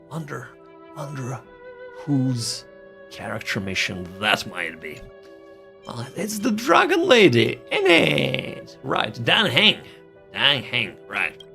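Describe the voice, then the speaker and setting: A man streaming a game, talking casually and thinking aloud as he plays, often repeating himself. His voice is gravelly and swings widely in pitch. Faint music plays underneath. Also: wildly swooping pitch, takes it slowly, pushed and bright. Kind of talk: casual gaming commentary.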